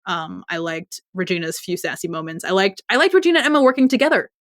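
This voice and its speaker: A woman's voice: lowish voice, big pitch swings, fast, a bit bright, no room sound, clean studio sound. A woman co-hosting a podcast in casual chat, rambling and laughing often. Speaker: podcast co-host.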